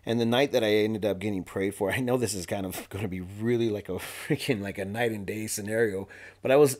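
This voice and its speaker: Animated, slangy man telling a story. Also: on the low side. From Arizona. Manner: animated, slangy, many fillers and restarts. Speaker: podcast guest. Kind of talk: casual storytelling.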